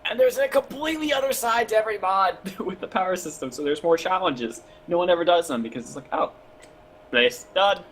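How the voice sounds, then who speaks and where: A man's voice: high voice, quick pace, few pauses, slight background noise. A young man on a live stream, joking around, answering chat and teasing his co-host. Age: young adult. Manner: playful, joking, talks to chat.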